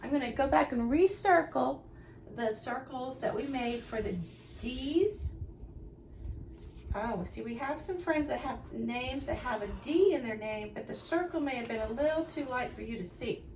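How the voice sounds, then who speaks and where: A woman teaches young children in a remote lesson from home, her voice high with a gravelly edge. She speaks slowly and cheerfully, the way a preschool teacher talks to little ones. A faint hiss sits under her voice. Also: lively intonation, a little mellow. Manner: slow, cheerful, talking to children.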